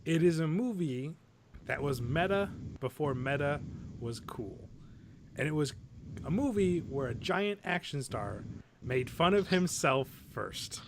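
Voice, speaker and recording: A man's voice: a little high, lively intonation, a little slow, noisy background. A man co-hosting a podcast in casual chat, talking eagerly and laughing as he retells scenes. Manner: enthusiastic, laughs while retelling movie scenes. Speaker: podcast co-host.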